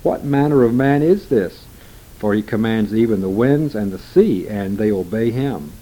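A man's voice: lowish voice, animated, moderate pace, dark tone, rough recording. A man voicing a frightened group of male disciples, speaking in a fearful, pleading way.

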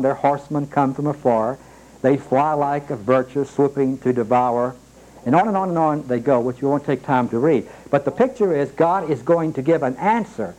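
A man preaching a sermon, slowing down to read scripture aloud and rising sharply in pitch on his questions. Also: darkish tone, poor audio. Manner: emphatic, rises sharply on questions. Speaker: pastor.

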